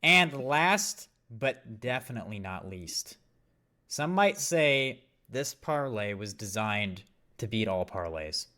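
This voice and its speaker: A podcast host with a cough rambles and swears through a casual sports betting show, explaining his picks. His fairly low voice swings widely in pitch, and he speaks slowly with a bright, forceful tone.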